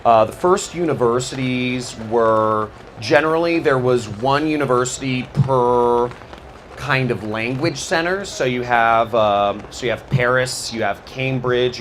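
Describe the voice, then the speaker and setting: Guy rambling thru a casual talk, medium pitch, bit of background hiss. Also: a little slow, a bit bright. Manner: loose and rambling, many fillers and restarts. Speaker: speaker giving a talk. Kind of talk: casual spoken talk on history.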